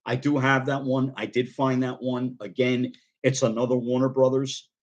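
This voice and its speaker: A man's voice: medium pitch, little pitch movement, moderate pace. A middle-aged man from the United States chatting casually about a record album, rambling with frequent ums and restarts. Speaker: record collector vlogger.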